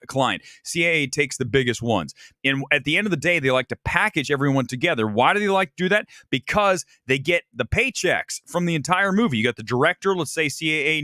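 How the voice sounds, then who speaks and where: A man's voice: medium pitch, sharp tone, no echo, studio quality. A man from Ohio hosting a casual live-stream film review, opinionated and talking straight to his viewers. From Ohio, USA. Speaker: movie review host.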